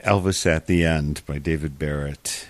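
A man hosting a radio show, relaxed as he reads out track details and asks the guest questions. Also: extremely low pitch, unhurried, slight background noise. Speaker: radio host. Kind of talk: casual radio interview.

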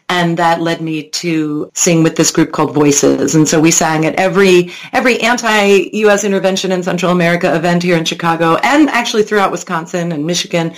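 A middle-aged woman from Long Island, a children's musician, chatting casually as a guest over a video call. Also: on the low side. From Long Island, New York. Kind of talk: casual chat.

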